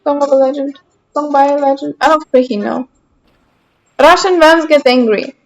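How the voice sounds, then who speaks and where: A woman's voice: high-pitched, fairly even intonation, moderate pace, rough recording. A young woman streaming a game from her sofa at home, chatting casually and answering her chat aloud in a playful, defensive way. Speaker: gaming streamer.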